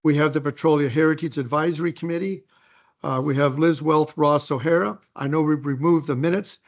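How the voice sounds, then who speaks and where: A man chairing a council meeting in a council chamber, reading his report and calling motions in a measured, procedural way. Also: a little high, steady tone, lo-fi sound.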